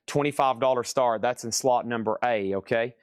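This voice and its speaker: A man hosts a live record sale, reading out album titles and prices in quick, practiced patter. His voice is smooth and clear, recorded close and dry with little room sound. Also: mid-range voice, dry recording. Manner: brisk salesman patter, repeating prices. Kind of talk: live-stream auction selling. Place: record shop.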